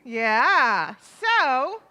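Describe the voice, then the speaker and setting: A woman leading a children's time in a church service, asking the children questions and warmly repeating their answers, speaking into a microphone in the sanctuary. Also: high voice, very animated, very slow. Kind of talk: interactive children's talk with questions. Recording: reverberant church hall.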